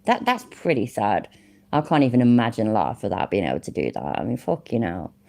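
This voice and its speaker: A British woman hosts a casual reaction livestream, mocking the person in the clip and reading out chat names. Her voice sits low yet her pitch jumps around a lot as she laughs and jeers. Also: big pitch swings, brisk, creaky, a little mellow. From United Kingdom. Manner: mocking, laughs often, thanks chatters by name.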